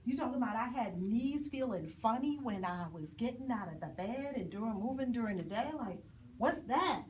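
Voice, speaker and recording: A woman's voice: a little high, expressive, normal speed, a little mellow. A woman enthusiastically encouraging the group and sharing her own story. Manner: enthusiastic, encouraging, cheering others on. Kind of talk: lively group chat. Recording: distant mic with crowd behind.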